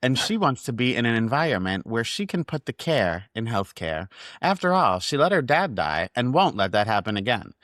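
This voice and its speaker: A man's voice: medium pitch, big pitch swings, normal speed, a bit bright, dry recording, studio quality. A man co-hosting a podcast, recapping a movie in a crude, sarcastic, joking way. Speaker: podcast co-host.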